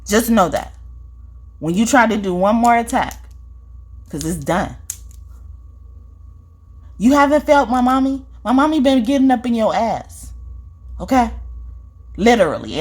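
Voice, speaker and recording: A woman's husky voice rises and falls widely as she delivers a spiritual reading. She scolds and swears at an unnamed listener, says the same line again and again, and closes her points with a pointed "okay?". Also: on the high side, expressive, normal speed, long pauses. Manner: profane, scolding, repeats herself, says "okay?" often. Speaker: spiritual reader. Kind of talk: confrontational spiritual vlog monologue.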